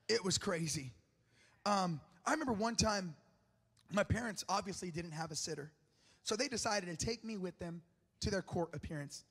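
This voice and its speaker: A man's voice: sits high, slightly rough. A man preaching a sermon as pastor, telling personal stories with humor and joking with the congregation. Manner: lively, humorous storyteller who jokes with the congregation. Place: large church auditorium. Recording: long reverb of a large church hall.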